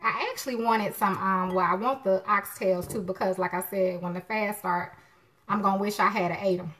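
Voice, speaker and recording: A woman's voice: mid-range voice, fairly bright tone, slight background noise. A middle-aged woman, hosting a live cooking stream from her home kitchen, chatting with viewers and greeting them by name. Her voice has an unusual sound that people often remark on. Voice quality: distinctive voice others call unusual. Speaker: cooking show host.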